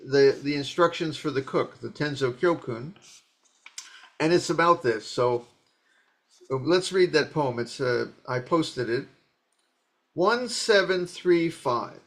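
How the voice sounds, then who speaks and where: Animated, rambling male Zen teacher. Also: fairly high pitch. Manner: rambling, animated storytelling with frequent restarts. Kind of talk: dharma talk.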